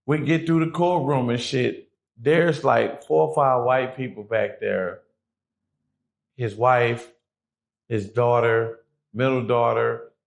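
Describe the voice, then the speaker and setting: Gravelly-voiced man telling a story. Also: mid-range voice. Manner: animated, profane street talk, quotes others. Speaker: guest telling prison stories. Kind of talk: casual storytelling.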